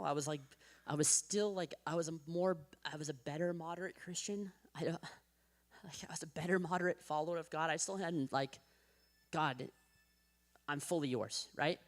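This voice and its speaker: A man in his thirties giving a personal testimony at a church men's breakfast, talking conversationally with lots of "like" fillers and restarts, and acting out the voices of people in his story. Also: a little high. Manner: acts out quoted voices of his wife and the doctor.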